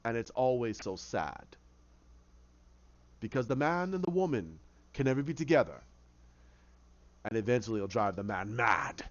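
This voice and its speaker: Animated man retelling a story. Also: mid-range voice, normal speed, pauses often. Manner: animated, rambling with restarts. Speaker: storyteller pitching a film idea. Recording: dull lo-fi recording.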